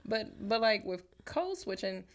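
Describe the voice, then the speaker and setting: A young adult woman co-hosting a casual podcast chat, speaking in a relaxed, reflective way. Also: medium pitch, a little slow. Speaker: podcast co-host.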